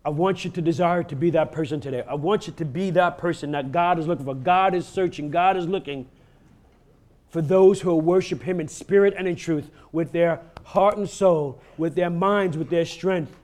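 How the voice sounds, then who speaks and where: Fervent preaching man, slightly high voice. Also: moderate pace, a little mellow. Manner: pleading, rising to fervent emphasis; interjects "huh?" to the congregation. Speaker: pastor. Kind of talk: sermon.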